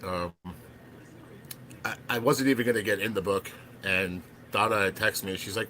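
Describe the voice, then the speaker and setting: A man's voice: lowish voice, fairly even intonation, moderate pace, pauses often, bright, forceful tone, a little hiss or hum. A man, a chef, sharing emotional, rambling memories of a friend on a live stream. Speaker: chef and former channel moderator.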